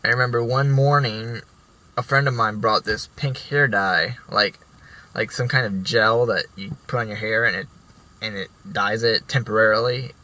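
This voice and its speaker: A young man with a bright, forward voice telling school stories in a loose, rambling way. He restarts sentences often and swears casually as he goes. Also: lowish voice, steady tone, moderate pace, poor audio. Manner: rambling, profane, many restarts. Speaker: vlogger. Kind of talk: casual storytelling.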